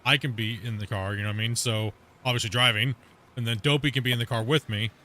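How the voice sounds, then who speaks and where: The Canadian streamer's mid-range voice is pushed and bright, moving fast with fairly even intonation. As he plays, he rambles casually, often restarting and filling gaps.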